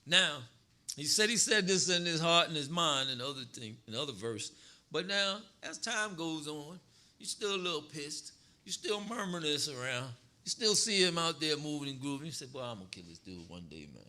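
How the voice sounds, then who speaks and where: A man's voice: on the high side, expressive, moderate pace, sharp tone. A man teaching scripture to his congregation in a casual, colloquial way, often laughing.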